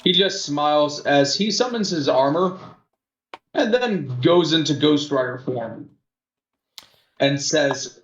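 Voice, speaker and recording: A man speaks slowly and deliberately as a tabletop role-playing player. His voice sits a little high for a man. The room is echoey and the sound is dull and lo-fi. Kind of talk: in-character tabletop role-play.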